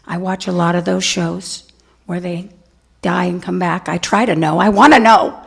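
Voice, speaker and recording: This guest speaker's voice is fairly low, creaky and husky, with fairly even intonation and a moderate pace. A middle-aged woman, she offers a spiritual center's congregation an inspirational talk built on personal stories, punctuated by laughter and frequent "right?".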